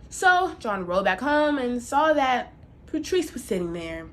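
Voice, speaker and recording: Animated woman storyteller. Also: on the high side, unhurried. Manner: animated, playful asides. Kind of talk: live storytelling.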